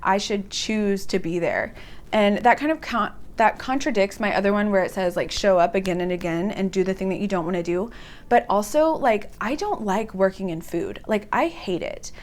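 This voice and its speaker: A chatty young woman in her twenties talks straight to camera in a loose, storytelling way. Her voice sits at a middle pitch for a woman and leaps up when she acts out her own past reactions, and "like" runs all through her talk. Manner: animated, jumps up in pitch when quoting herself. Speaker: vlogger.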